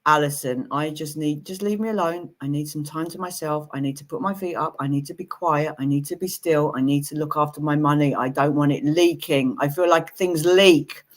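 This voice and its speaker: A woman's voice: sits low, a little fast, few pauses. A woman giving a live-streamed tarot reading, chatty and giggly, laughing at her own jokes while reassuring viewers. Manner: chatty, giggly and self-amused; warm, reassuring advice to viewers. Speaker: tarot reader.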